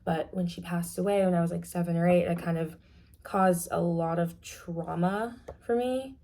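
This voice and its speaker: A young woman giving a casual, candid class presentation, talking frankly with many fillers and often trailing off softly. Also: fairly low pitch, steady tone, moderate pace, a little hiss or hum. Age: young adult. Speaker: student presenter.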